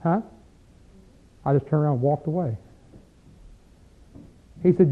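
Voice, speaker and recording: A male preacher giving a conversational sermon, reading scripture aloud and asking the congregation plain rhetorical questions. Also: fairly high pitch. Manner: rises into loud, drawn-out chanting when acting out crowds in the text. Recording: tinny phone-like lo-fi recording.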